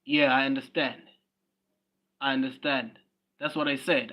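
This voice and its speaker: A man's voice: medium pitch, fairly even intonation, normal speed, pauses often, sharp tone. Slangy South African man livestreaming. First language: Swati. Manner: repeats himself, slangy and blunt, talks to viewers' comments. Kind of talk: casual livestream chat. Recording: dull lo-fi stream audio.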